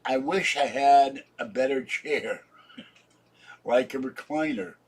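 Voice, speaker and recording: A drowsy man in his seventies talks to his live-stream viewers with a husky, slightly breathy voice. His pitch sits in an ordinary middle range, and he rambles on, yawning and sleepy, in a loose chatty way. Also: slow. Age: 70s. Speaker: channel host. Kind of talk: casual live-stream chat.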